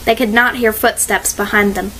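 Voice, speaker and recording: A woman narrating a mystery audiobook in a measured, expressive reading style. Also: medium pitch, a little hiss or hum, low-quality recording.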